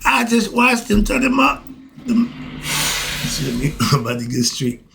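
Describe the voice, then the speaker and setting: A man with a gravelly, fry-laden voice speaks in a casual, preachy monologue. His pitch sits a touch high and swings widely as he fires rhetorical questions and chuckles to himself. A faint hiss of noise runs under the recording. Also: very animated, moderate pace. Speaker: podcast host.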